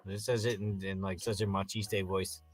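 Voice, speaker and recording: A man co-hosting a casual review podcast, retelling scenes in an animated way and acting out the characters. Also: deep voice, normal speed, no room sound, soft background music. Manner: animated storyteller, acts out scenes. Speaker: podcast co-host.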